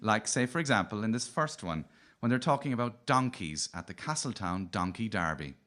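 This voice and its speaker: A man's voice: fairly low pitch, lively intonation, normal speed, a bit bright. A man with a Cork Irish accent hosting a radio comedy show, telling wry, playful stand-up stories. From Cork, Ireland. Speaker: comedian host.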